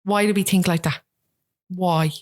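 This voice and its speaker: Her voice sits on the low side and she takes her time. The guest, a woman in her thirties from Dublin, Ireland, tells lively stories in a casual interview chat and mimics what others said.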